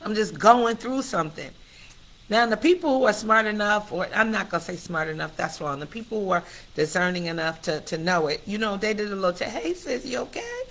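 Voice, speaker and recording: A woman's voice: mid-range voice, brisk, a bit bright, rough recording. A middle-aged woman hosting her own livestream, speaking candidly and from the heart in a preacher-like cadence, often turning straight to her viewers. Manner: addresses viewers directly and often. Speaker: host of her own live stream. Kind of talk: candid personal livestream talk.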